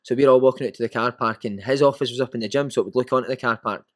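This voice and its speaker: Fast-talking Scottish man telling a story. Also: medium pitch, no room sound, clean studio sound. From Scotland. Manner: animated storyteller, swears freely, acts out quotes. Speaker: former footballer guest. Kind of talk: casual anecdote telling.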